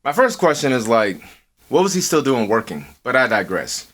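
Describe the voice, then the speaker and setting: A man co-hosting a podcast, telling a story in casual, profanity-heavy talk, acting out quotes in a high voice. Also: normal speed. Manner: swears a lot, animated, acts out quotes in a high voice. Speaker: podcast co-host. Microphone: earphones with mic.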